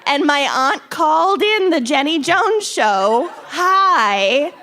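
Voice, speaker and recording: A woman's voice: high-pitched, big pitch swings, slow pace, fairly bright tone. A woman co-hosting a live podcast show, bubbly and swearing freely. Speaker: podcast co-host. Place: live stage before a crowd. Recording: live show with audience noise.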